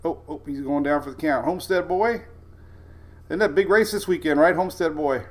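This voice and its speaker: A man's voice: a little high, fairly quick. A middle-aged man hosting a casual weather livestream, chatting and greeting viewers by name, laughing often. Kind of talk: casual live-stream chat.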